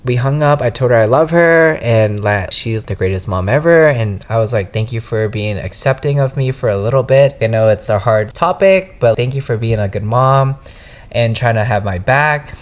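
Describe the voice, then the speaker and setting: A man's voice: medium pitch, normal speed. A young man, a podcast guest, casually and animatedly retelling a personal story. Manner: animated, lively retelling, often says "I was like".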